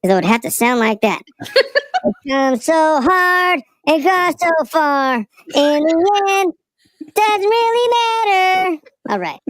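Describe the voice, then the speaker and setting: A man doing a squeaky, exaggerated impression of a whiny, smug man. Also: big pitch swings, slow pace, fairly bright tone, no room sound, full character voice. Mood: mocking.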